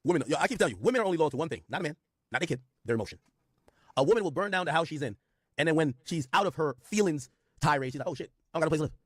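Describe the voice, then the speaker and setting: A man hosts a casual stream, firing off blunt, slang-heavy commentary at a rapid clip. His voice sits a bit high and the sound is dry and close. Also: animated, fairly bright tone, dry recording. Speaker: stream host. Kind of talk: casual commentary reading texts aloud.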